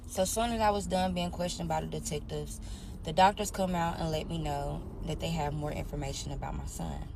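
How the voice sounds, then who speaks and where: In a lowish voice, a young adult storyteller opens up about her life, speaking candidly and directly to listeners she calls y'all. A little hiss or hum runs under the audio.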